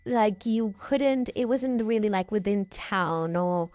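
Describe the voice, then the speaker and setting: A woman's voice: mid-range voice, slow pace, darkish tone, dry recording, highs cut off. A chatty, rambling woman from the UK, speaking through a voice changer as she gives casual commentary over her game building.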